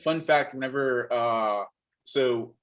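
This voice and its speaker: A man's voice: mid-range voice, takes it slowly, low-quality recording. A man co-hosting a live stream, chatting casually and acting out funny stories with little put-on voices. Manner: animated storyteller, acts out lines in voices. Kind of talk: casual chat.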